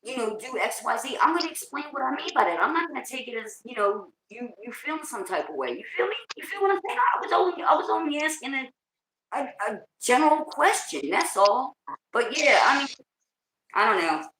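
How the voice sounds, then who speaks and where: A woman with a New Jersey accent hosting a casual livestream, loud, big-voiced and hyped, talking straight from emotion. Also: high-pitched, very animated, brisk, echoey room, rough recording. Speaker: livestream host.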